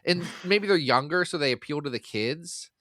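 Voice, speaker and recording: A man's voice: a little high, lively intonation, normal speed, sharp tone, no echo, clean studio sound. A man in his forties co-hosting a podcast, with playful, jokey banter. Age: 40s. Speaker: podcast co-host. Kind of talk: casual comedic chat.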